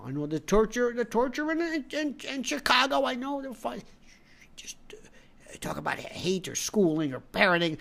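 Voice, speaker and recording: A man's voice: high-pitched, a little fast, creaky. A male talk show host delivering a rambling, sarcastic monologue full of digressions. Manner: animated, sarcastic, digressive storyteller.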